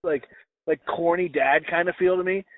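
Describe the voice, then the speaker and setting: A man's voice: fairly even intonation, normal speed, dry recording. A man co-hosting a podcast, telling rambling, crude, self-mocking stories and acting out what people said. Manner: acts out quoted voices in high pitch. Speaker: podcast co-host. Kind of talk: casual storytelling chat. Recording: dry, phone-like lo-fi audio.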